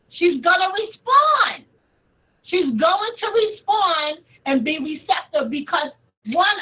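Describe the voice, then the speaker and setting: A woman coaching listeners on calling old contacts, animated, acting out phone calls. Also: high-pitched. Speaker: network marketing trainer. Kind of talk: coaching talk on phone outreach. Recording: tinny phone-like audio.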